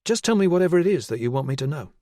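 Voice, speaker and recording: A male audiobook narrator voicing a woman detective chief inspector, brisk and direct in an interview room. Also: on the high side, big pitch swings, warm tone, no room sound, clean studio sound, pitched above the performer's own voice. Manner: crisp, businesslike questioning.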